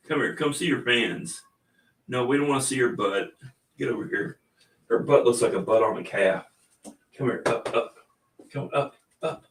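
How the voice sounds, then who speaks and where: A man's voice: mid-range voice, a bit bright, distant mic, slight background noise. A man hosting a casual livestream chat, easygoing and rambling, often chuckling. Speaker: livestream host. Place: indoors, room with cabinets. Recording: echoey room, away from the mic.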